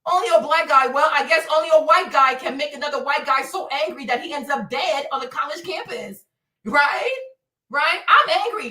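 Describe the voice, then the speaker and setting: Woman, high voice, bright, mocking, laughing, repetitive, roomy echo. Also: distant mic. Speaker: show host. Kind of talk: angry profane live-stream rant. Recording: echoey room, away from the mic.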